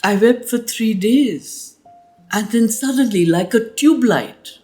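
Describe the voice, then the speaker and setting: Slow, heartfelt Indian woman. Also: fairly high pitch, lively intonation, mellow, faint music behind. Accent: Indian English. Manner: emphatic and heartfelt, with long dramatic pauses. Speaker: podcast host. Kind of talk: personal storytelling podcast.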